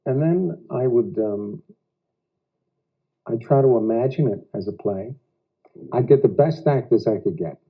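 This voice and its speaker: An American actor being interviewed at home, speaking reflectively in halting phrases with odd pauses. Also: male voice, mid-range voice, lively intonation, slightly rough. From United States. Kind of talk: casual interview talk. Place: living room of a private house. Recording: dull lo-fi 1990s home video.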